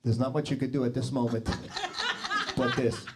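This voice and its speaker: A man's voice: mid-range voice, wildly swooping pitch, unhurried, very noisy. A man in his forties doing stand-up comedy on a club stage, talking brashly, swearing, and teasing the crowd into a handheld mic. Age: 40s.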